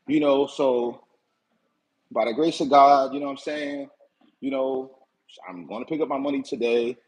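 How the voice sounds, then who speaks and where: In poor-quality audio, a channel host recounts a grievance in a relaxed, slangy way, repeating himself and checking in with "you know what I'm saying." He speaks at a moderate pace in a mid-range voice, leaving long pauses.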